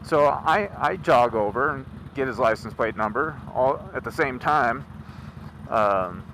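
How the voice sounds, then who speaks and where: A man's voice: medium pitch, fairly bright tone. A man vlogging outdoors, animatedly retelling a confrontation and acting out both sides. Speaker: motorcycle vlogger. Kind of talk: casual storytelling. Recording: noisy outdoor recording.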